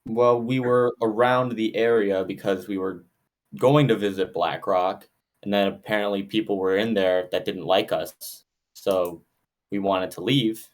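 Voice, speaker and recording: A man playing a tabletop game talks in a casual, low-key way. His voice is fairly low. He chats plainly with the others at the table. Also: fairly even intonation, a little slow. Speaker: player.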